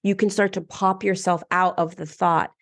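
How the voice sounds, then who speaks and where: A woman's voice: lowish voice, level tone, normal speed. A middle-aged woman guesting on a podcast, talking in an earnest, reflective way and often restarting her sentences. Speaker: podcast guest, ascension teacher. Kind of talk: casual conversational interview.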